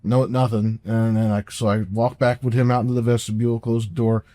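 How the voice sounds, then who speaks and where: A man's voice: medium pitch, level tone, brisk, mellow, no room sound. A man co-hosting a podcast, telling a personal story in a casual, rambling way with frequent restarts and swearing. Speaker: podcast co-host.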